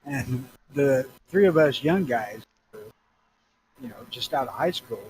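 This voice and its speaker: Middle-aged Southern-accented podcast host; profane, rambling, mid-pitched. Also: male voice, animated, slow pace, a little mellow, slight background noise, low-quality recording. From Missouri. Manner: crude, profane, rambling storytelling. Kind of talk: casual chat.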